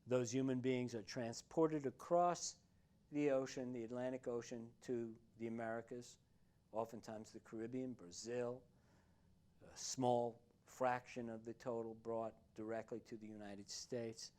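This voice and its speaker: A man giving a university history lecture, speaking deliberately with many pauses and fillers and leaning on key words. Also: medium pitch, steady tone, a little mellow. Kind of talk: classroom lecture.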